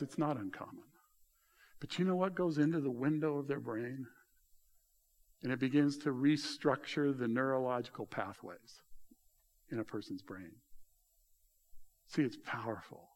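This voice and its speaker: A middle-aged male pastor preaching a sermon, telling stories in an animated way and raising his voice high when he retells dialogue. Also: unhurried, pauses often. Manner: animated storytelling, voice rising high in retold dialogue.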